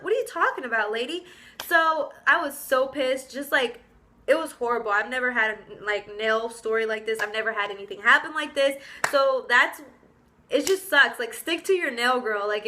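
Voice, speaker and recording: Young woman vlogger, high and bright, indignant casual storyteller. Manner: animated, indignant, casual slang. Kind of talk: storytime vlog.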